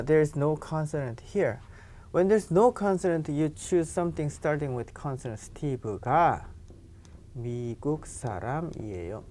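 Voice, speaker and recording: A woman's voice: low-pitched, dark tone. A woman teaching a grammar lesson, explaining patiently and often saying "you know". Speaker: Korean language teacher.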